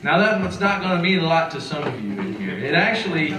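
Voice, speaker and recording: A middle-aged man from southeastern Illinois telling a story to a live audience, acting out the quotes in a lively, folksy way. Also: on the high side, brisk, a crowd in the background. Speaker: musician and folklorist. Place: lecture hall. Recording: echoey hall recorded from far off.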